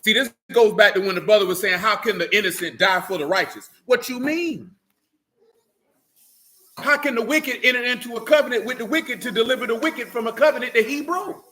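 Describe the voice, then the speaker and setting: Male Bible teacher, high bright voice, preachy, keeps quizzing the class. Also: a little fast. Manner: preachy, calls out questions to the class. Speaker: teacher leading a Bible study. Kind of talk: sermon.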